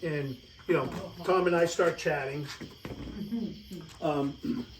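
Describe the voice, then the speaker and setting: A man's voice: fairly high pitch, steady tone, slow, a little hiss or hum, rough recording. A middle-aged American man telling a rambling, casual travel story over slides, with lots of fillers and laughs. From United States.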